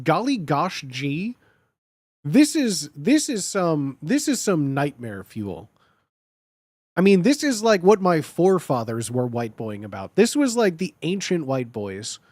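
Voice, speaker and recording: Animated, high-voiced man ranking phrases. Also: no room sound. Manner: animated, playful, repeats phrases in put-on tough-guy voices. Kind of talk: casual stream chat.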